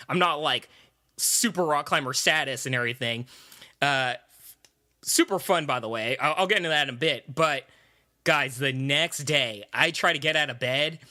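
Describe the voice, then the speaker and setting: A man co-hosting a podcast, telling stories in an animated, self-deprecating way. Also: fairly high pitch. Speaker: podcast co-host. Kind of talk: casual podcast chat.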